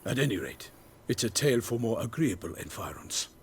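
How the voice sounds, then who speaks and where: An actor playing a wry, measured, learned companion in a video game. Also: male voice, mid-range voice, big pitch swings, a little mellow. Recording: game audio with faint noise.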